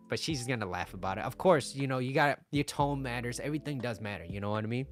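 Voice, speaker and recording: A man's voice: medium pitch, quick pace, soft background music. Blunt, laughing man giving dating advice. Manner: laughing, acts out both sides of conversations; blunt, swears freely. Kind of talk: casual advice monologue.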